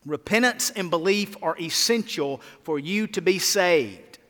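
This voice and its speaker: A man's voice: high voice, expressive, unhurried, a bit bright, in a large hall. A male pastor preaching a sermon, with emphatic rises and falls and rhetorical questions.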